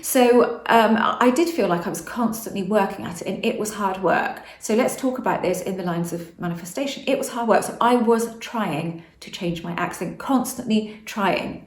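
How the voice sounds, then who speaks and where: Woman, slight West Country accent, chatty, frank, mid-pitched voice, roomy echo. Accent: slight West Country English. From West Country, England. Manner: chatty and frank, laughs often. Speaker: author and vlogger. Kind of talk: casual spoken monologue.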